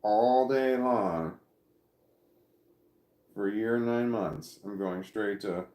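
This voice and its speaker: A middle-aged man streaming casually from home, his voice sitting low. He reads viewer comments aloud and drifts between thoughts, often stopping and restarting mid-sentence. The room around him rings with a noticeable echo. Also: slow pace, darkish tone. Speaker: livestreamer reading chat. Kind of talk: casual livestream chat.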